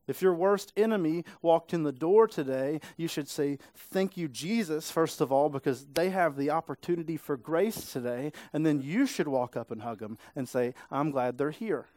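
Preaching in a church sanctuary, a male pastor keeps a relaxed, conversational manner and frequently uses tag questions with his listeners. His fairly high, mellow voice moves at normal speed with few pauses, recorded without echo.

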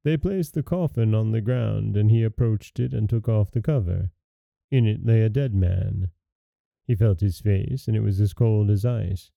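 A man hosting a podcast, calmly reading a fairy tale aloud in a measured way. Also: lowish voice, vocal fry, no echo, lo-fi sound. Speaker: podcast host and storyteller. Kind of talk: scripted storybook narration.

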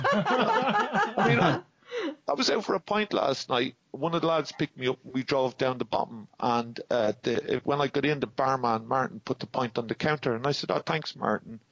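A man's voice: medium pitch, fairly quick, few pauses, fairly bright tone, no room sound. Rambling Irish man, dull dry sound. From Ireland. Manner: rambling, repeats words and restarts often. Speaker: podcast guest. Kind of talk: casual storytelling chat.

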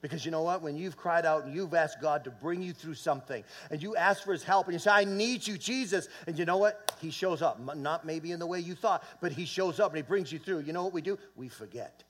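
A man with a high voice preaches a sermon in a church. He builds into loud, fervent bursts and calls on the room for amens. He often repeats and restarts words as he goes. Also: fast, hardly any pauses, breathy edge. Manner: fervent preaching with swells of volume and call-and-response. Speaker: pastor. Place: church sanctuary.

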